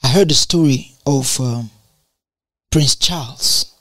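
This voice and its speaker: A woman's voice: extremely low pitch, slow pace, fairly bright tone, no echo. A woman preaching a sermon, emphatic and repetitive, asking rhetorical questions and laughing between points.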